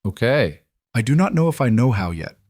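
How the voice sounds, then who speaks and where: A man reads a hardened mafia boss who speaks haltingly and keeps his feelings tightly held. The voice is low, and the sound is close and dry. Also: animated, a little mellow, dry recording, lightly acted. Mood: restrained. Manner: halting, restrained, holding back tears. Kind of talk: audiobook dialogue reading.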